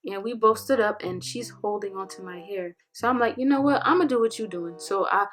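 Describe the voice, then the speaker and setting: A young woman talks straight to her viewers in a casual storytime, her voice sitting at an ordinary middle pitch. Her delivery is animated and full of slang, and she acts out what people said to her. Soft music plays faintly underneath. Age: young adult. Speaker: vlogger.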